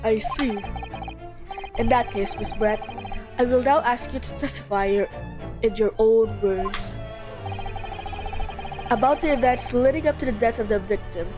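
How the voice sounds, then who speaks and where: A woman voicing a stately older male judge who speaks slowly and formally. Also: fairly high pitch, music in the background, pitched below the performer's own voice, lightly acted. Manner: slow and formal.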